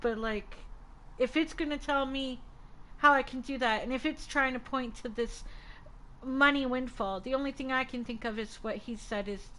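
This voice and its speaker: A woman's voice: high voice, moderate pace, fairly bright tone, poor audio. A woman chatting casually on a live stream at home, rambling and exasperated, talking in fits and restarts as she gets a tarot reading.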